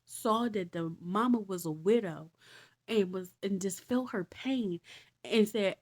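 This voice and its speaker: A woman casually retelling Bible stories in slangy, animated talk with exasperated asides. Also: mid-range voice, unhurried. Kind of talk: casual storytelling.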